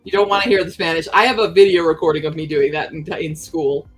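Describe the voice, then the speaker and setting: A young woman with a slightly low voice chats easily on a live stream, reading out viewer messages between remarks on her project. Quiet music plays underneath her. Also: fast, husky, poor audio. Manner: chatty, reads chat aloud, talks while crafting. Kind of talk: casual live-stream chat.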